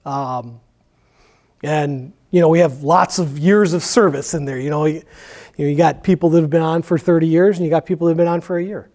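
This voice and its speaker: A man's voice: on the high side, fairly even intonation, brisk, darkish tone. Give me a man firefighter answering questions in a loose, rambling way. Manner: candid, rambling, with many fillers. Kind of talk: conversational Q&A in church.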